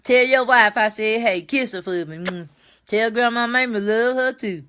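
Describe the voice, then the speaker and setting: An older woman, chatting warmly on a live stream and greeting viewers by name. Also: a little high, normal speed, clear, resonant tone. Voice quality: warm, folksy. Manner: chats with viewers by name, repeats herself, laughs easily. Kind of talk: casual live chat with viewers.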